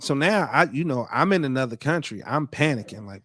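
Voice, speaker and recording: A man's voice: medium pitch, animated, brisk, hardly any pauses, a bit bright, no echo. A man hosting a podcast live stream, chatting casually, reading out viewer comments and joking around with loose, profane banter. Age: adult father. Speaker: podcast host.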